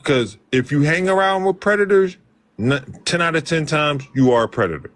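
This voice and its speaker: A man's voice: fairly high pitch, animated, moderate pace, fairly bright tone. A man in a heated casual debate, speaking insistently and pressing pointed questions.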